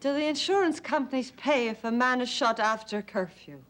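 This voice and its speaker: An actress playing an anxious, long-suffering wife, coaxing and fretful. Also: female voice, on the high side, normal speed, a bit bright, lightly acted. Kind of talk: stage play acting.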